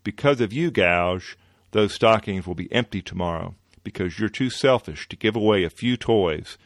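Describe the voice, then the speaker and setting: A man's voice: on the low side, moderate pace, no room sound, studio quality, lightly acted. A man voicing an upright, earnest male comic-book superhero who lectures a selfish man.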